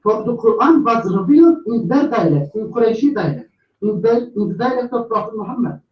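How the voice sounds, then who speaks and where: A man calling into a debate, reading out references in a halting way with many filler sounds. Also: very high voice, animated. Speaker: debate caller. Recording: distant echoey muffled call audio.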